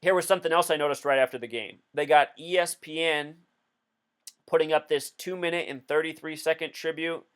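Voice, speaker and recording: A man's voice: on the high side, clean tone. A man hosting a video, talking through a casual commentary in an insistent, explanatory way. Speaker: video host.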